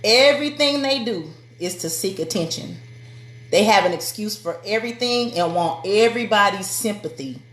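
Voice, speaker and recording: A woman's voice: medium pitch, lively intonation, normal speed, fairly bright tone. A woman giving a motivational live-stream talk to women, speaking directly and preacherly and calling out to her viewers. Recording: echoey room.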